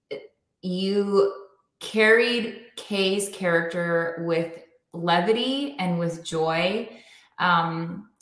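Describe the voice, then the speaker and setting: Lower-voiced woman host in a roomy echo. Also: fairly bright tone. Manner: affirming, frequent "mm-hmm" and "yeah", earnest praise. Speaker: podcast host. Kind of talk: interview conversation.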